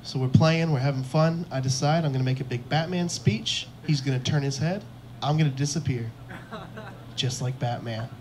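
A man's voice: medium pitch, normal speed, a little hiss or hum. A young man doing a stand-up comedy set on a club stage, telling self-mocking stories and acting out the lines of the people in them. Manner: self-deprecating storytelling, acts out quotes.

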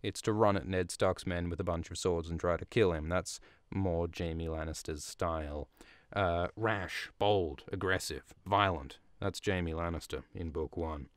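A man with a lowish, smooth and resonant voice recaps a book in a loose, rambling way. He swears freely and drops chuckling asides. The sound is dry and close to the mic. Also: unhurried, no echo. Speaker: podcast host.

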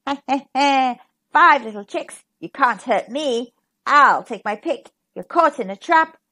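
A woman's voice: high voice, lively intonation, measured pace, pushed and bright, exaggerated voice. A woman voicing a sly, greedy fox villain who wheedles and gloats in a children's storybook. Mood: gloating.

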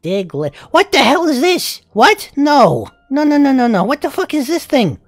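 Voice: medium pitch, sing-song, measured pace, darkish tone, dry recording. A voice actor playing a crude, flamboyant male spider demon in a comedic fan reaction, swearing, giggling and cooing. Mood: incredulous mocking.

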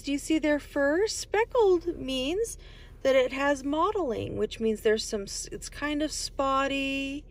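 A woman reading a picture book aloud to young children, speaking slowly in a sing-song way and asking the listener many questions. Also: sits high, expressive. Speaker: children's storytime host.

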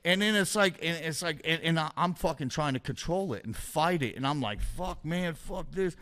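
Foul-mouthed storytelling man, slightly high voice. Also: a little fast, sharp tone. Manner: profane, rambling, vivid play-by-play. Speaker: podcast guest. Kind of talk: casual storytelling.

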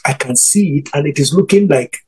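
A husky-voiced man preaches prophetic declarations over a video call. He speaks emphatically and repeats each pronouncement several times. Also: a little high, brisk, darkish tone. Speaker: guest minister.

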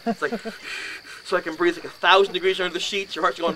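A man telling a ghost story to a group in a house, animated and acting out voices and sound effects. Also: high voice, fast, noisy background.

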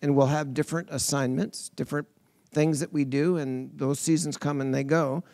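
A man co-hosting a podcast, building a reflective point in a conversational way with quick restarts. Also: fairly high pitch, steady tone, a little mellow, no room sound. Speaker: podcast co-host. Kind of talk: conversational interview.

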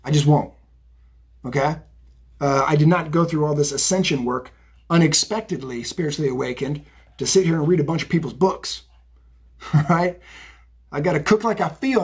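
A man's voice: a little high, husky. A middle-aged man giving a chatty, rambling tarot reading, often tagging his lines with "right?" and "okay?". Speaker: psychic tarot reader. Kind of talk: casual tarot reading monologue.

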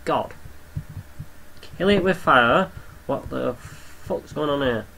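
A young man giving casual game commentary, excitable, swearing often and talking to the creatures on screen. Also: mid-range voice, takes it slowly, gravelly, a little hiss or hum, poor audio. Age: young adult. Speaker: gamer commentator.

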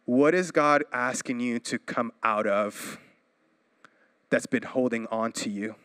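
A Florida pastor in his thirties preaches with energetic swings in pitch and volume, adding playful asides. His tone is clean, with no echo.

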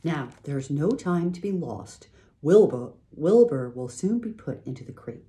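A woman voicing a gentle, wise female spider who speaks softly and calmly. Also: low voice. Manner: soft and measured.

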